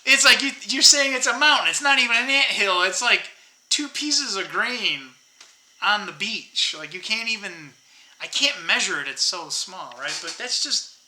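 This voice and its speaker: A man's voice: high voice, expressive, unhurried, bright, forceful tone, slight background noise. Rambling American man in an echoey room. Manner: rambling, laughs often, peppers talk with "right?" and "dude". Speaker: vlogger. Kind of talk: rambling casual monologue.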